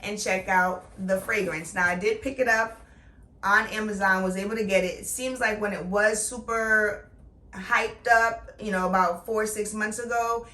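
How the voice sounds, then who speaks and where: Middle-aged woman vlogger, playful and punchy, bright tone, roomy sound. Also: medium pitch, distant mic. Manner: chatty, playful and emphatic. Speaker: beauty vlogger. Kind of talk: casual product review. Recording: echoey room, voice off-mic.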